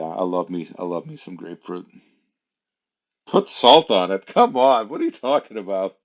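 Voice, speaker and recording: On a dull-sounding lo-fi recording, a low-voiced livestream host chats casually. He rambles, laughs a lot, and fills his talk with plenty of fillers.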